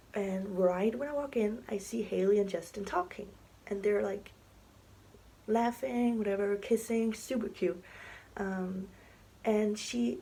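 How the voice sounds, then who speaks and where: A young woman chats her way through a story for her vlog, full of fillers and often sinking into a whisper. Her voice is mellow and a little husky, with gravelly fry at the ends of lines. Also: mid-range voice, poor audio. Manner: chatty, many fillers, often drops to a whisper. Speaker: vlogger. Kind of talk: casual storytime. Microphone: camera mic, sitting to film.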